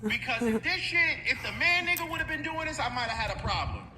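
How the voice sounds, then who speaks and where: A man's voice: very high voice, expressive, a little fast, noisy background. A man bragging rowdily and swearing in a played-back stream clip. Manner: boastful, profane, rowdy. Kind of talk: livestream clip.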